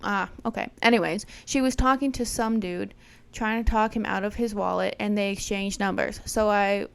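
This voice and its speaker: A young adult woman who hosts a podcast retells a wild night in a brash, profane, punchy style. Her medium-pitched voice is steady, gravelly, and clean-toned, at a moderate pace.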